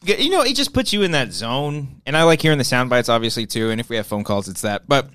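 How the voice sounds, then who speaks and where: A man's voice: medium pitch, lively intonation, quick pace, a bit bright, clean tone, no echo. A man hosting a podcast in a studio, chatting casually, joking and swearing freely. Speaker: podcast host. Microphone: studio mic with headphones.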